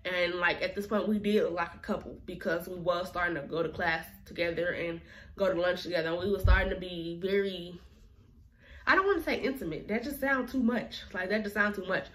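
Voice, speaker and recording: A woman's voice: fairly low pitch, brisk, a bit bright. A woman vlogger telling a personal story in a casual, chatty, slangy way.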